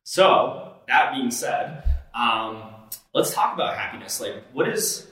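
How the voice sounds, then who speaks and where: A man's voice: medium pitch, very animated, slow pace, pushed and bright, recorded from a distance. A man co-hosting a casual podcast chat, talking in an earnest coaching way with many fillers. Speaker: podcast co-host. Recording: echoey room, off-mic.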